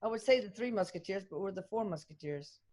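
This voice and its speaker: A middle-aged woman with a Texan accent hosting a casual group chat, chatty and quick to laugh. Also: mid-range voice, animated, darkish tone. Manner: chatty, laughing, drawling y'all. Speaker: host.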